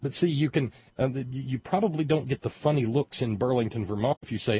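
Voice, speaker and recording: A man's voice: mid-range voice, quick pace, few pauses, a little hiss or hum. A man from West Virginia giving a rambling, sardonic commentary monologue with frequent hesitations. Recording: dull lo-fi audio, dry.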